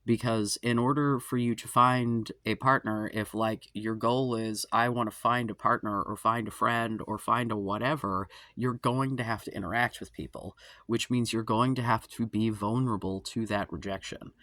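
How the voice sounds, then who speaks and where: A man in his forties talks in a loose, rambling way and drifts off on tangents, swearing freely and joking at his own expense. His voice sits a little low. It is recorded close and dry, with no room sound. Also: steady tone, normal speed, few pauses, bright, forceful tone, no room sound. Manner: profane, self-deprecating, tangent-prone. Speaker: advice podcast host. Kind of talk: casual rambling monologue.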